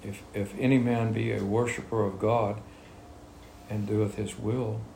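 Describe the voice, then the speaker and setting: A man's voice: on the low side, level tone, a little slow, creaky, darkish tone, a little hiss or hum. A man leading a Bible study, reading verses aloud and explaining them in plain, conversational talk. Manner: reads scripture then explains it in plain talk. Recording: echoey room with faint ambience.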